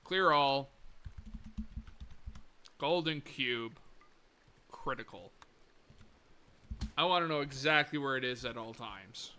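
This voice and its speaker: A young man streaming a colony game live, muttering to himself, swearing and breaking into sudden excited outbursts. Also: mid-range voice, takes it slowly, pauses often, clear, resonant tone. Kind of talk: live gameplay commentary.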